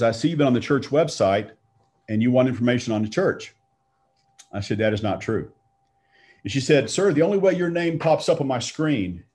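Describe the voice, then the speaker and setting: A man's voice: medium pitch, a little mellow. A middle-aged man from Texas, telling a personal faith story in a conversational way and acting out the quoted lines. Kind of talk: storytelling talk.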